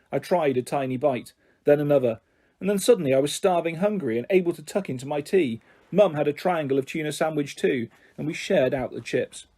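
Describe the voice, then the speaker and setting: A man calmly reading a children's novel aloud as a storyteller. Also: fairly high pitch, brisk.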